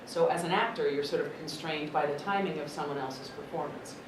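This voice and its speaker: A low-pitched woman talks shop in a chatty, expressive way, as a seasoned voice actor and director. She is recorded from a distance in a reverberant convention room, with loud crowd noise underneath. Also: fairly quick. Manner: chatty and expressive, thinking aloud. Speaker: voice actor and dub director, interview guest. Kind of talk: press interview answers at a convention.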